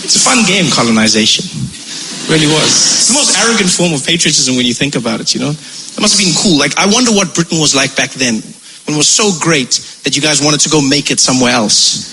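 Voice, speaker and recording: A man's voice: on the high side, brisk. A man performing a mocking stand-up comedy routine. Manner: animated, mocking. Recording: loud background noise.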